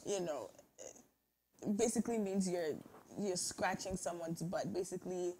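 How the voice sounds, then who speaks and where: A woman's voice: fairly low pitch, unhurried, dark tone, slight background noise. A young woman guest chatting casually and openly telling stories of growing up. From grew up abroad, Ghanaian parents. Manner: open, storytelling. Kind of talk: casual chat.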